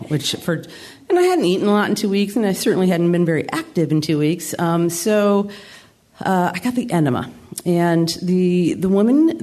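Her voice deep and slightly mellow, a woman in her sixties tells a comic tale mocking herself, live on a theater stage before an audience. She hails from the Adirondacks region of New York.

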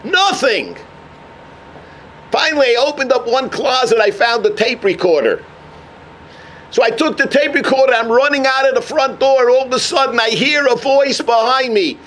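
A man giving a sermon as a rabbi, telling a story with animated energy. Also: very high-pitched, normal speed. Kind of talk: sermon on the weekly portion.

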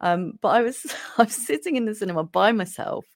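A woman's voice: medium pitch, a little fast, no echo, clean studio sound. A woman hosting a podcast, telling stories in casual chat and laughing often. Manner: storytelling, animated, laughs often. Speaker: podcast host.

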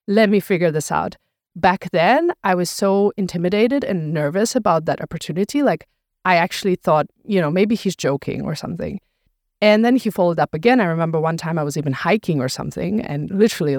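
A woman, a podcast founder interviewed on her own show, telling her story in a relaxed, reflective way with frequent "like" fillers. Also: fairly low pitch, no echo, studio quality. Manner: reflective storyteller, fills speech with "like". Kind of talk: casual conversational interview.

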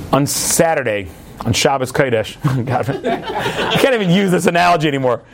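A rabbi leads a class in a high, light voice. He talks in quick bursts, then slows down to act out little scenes, leaping up in pitch when he plays someone yelling. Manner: lively storyteller, acts out yelling at a TV. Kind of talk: animated classroom teaching.

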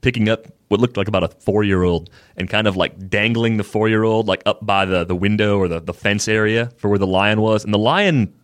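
A man co-hosting a podcast, telling relaxed stories in casual chat with dry humor. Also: on the low side, fairly quick, few pauses, dry recording. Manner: relaxed storyteller, dry humor, many fillers. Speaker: podcast co-host.

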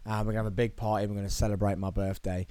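A man's voice: fairly low pitch, rapid-fire, clear, resonant tone, dry recording. Upbeat man with a Birmingham accent. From England. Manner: energetic, playful, jokey asides. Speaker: podcast host. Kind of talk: solo podcast chat.

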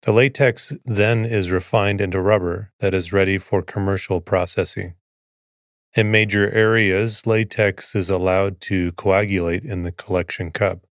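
A man hosting a sleep podcast, reading an article aloud in a soothing, even way to bore listeners to sleep. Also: sits low, a little slow, dry recording, studio quality. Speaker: podcast host.

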